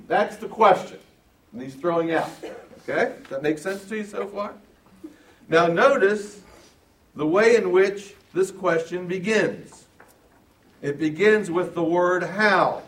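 A man preaching a Bible sermon with a fairly high voice. He swings from quiet, careful explanation to loud, stressed lines and keeps asking the congregation questions. The sound is roomy, caught from a distance across a church. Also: a little slow, long pauses. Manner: emphatic, shifts from quiet to loud, asks the audience questions. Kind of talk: sermon, verse-by-verse Bible teaching.

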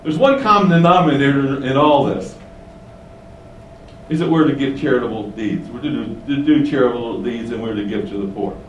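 A man's voice: mid-range voice, brisk, reverberant, distant mic, highs cut off, slight background noise. A man preaching an expository sermon in a conversational way, often asking rhetorical questions and building up emphasis. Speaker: pastor.

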